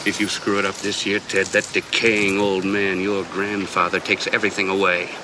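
A man's voice: sits low, monotone, normal speed, noisy background, natural voice. An actor playing a stern, wealthy father who threatens his son in a comedy sketch. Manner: stern, menacing.

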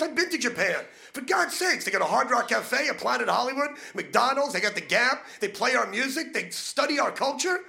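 A male stand-up comedian with a brash, fast-talking manner, needling the crowd from a comedy club stage during a live set. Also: very high-pitched, vocal fry, sharp tone. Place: comedy club stage before a laughing audience. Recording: noisy live club recording.

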